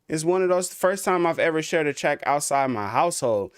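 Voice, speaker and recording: A man's voice: fairly high pitch, expressive, fairly quick, few pauses, smooth, dry recording, studio quality. A man hosting a live stream, reviewing beats his viewers send in, chatting casually in slang and talking straight to his chat. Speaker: music producer streamer reviewing submitted beats.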